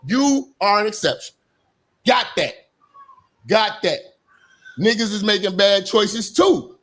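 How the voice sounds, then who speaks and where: A man's voice: sits high, takes it slowly, a bit bright. A man lecturing emphatically and repetitively in a heated streamed debate. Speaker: debate guest.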